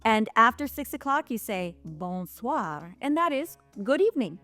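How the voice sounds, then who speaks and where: A woman's voice: very animated, normal speed, sharp tone, faint music behind. A middle-aged woman from Canada, teaching travel phrases in a playful, casual chat. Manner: playful, raises pitch when speaking French. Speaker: travel vlogger.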